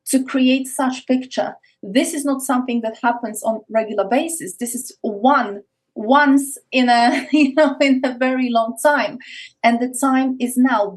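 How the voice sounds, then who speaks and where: A woman from Eastern Europe with an Eastern European accent, a podcast guest explaining intensely, repeating words and slowing down on key phrases. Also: fairly high pitch, darkish tone. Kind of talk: earnest conversational explaining.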